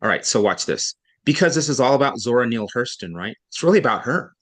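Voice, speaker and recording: A man's voice: mid-range voice, very animated, quick pace, a bit bright. Patient male reading tutor. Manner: patient, explains step by step, thinks aloud with self-corrections. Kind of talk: one-on-one online tutoring session.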